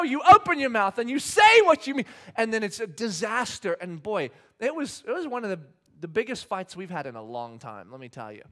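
A man in his thirties preaching a sermon, telling a personal story with humor and acting out the scenes. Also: high-pitched. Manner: animated storyteller, acts out scenes, self-deprecating humor. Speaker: pastor. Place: church hall with congregation.

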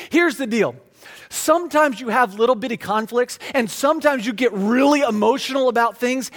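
A man preaching a sermon in a conversational, emphatic way, often restarting and repeating words. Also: high voice. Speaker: pastor.

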